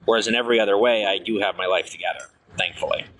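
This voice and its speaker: Bright-voiced man rambling about his life. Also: on the low side, racing, low-quality recording. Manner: rambling, with many fillers and restarts. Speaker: streamer. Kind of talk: rambling personal storytelling.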